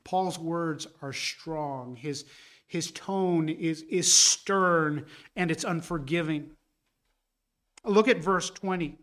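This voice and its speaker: A man preaching a sermon as pastor, earnest and building to a forceful rebuke, with frequent restarts. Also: fairly high pitch, slow.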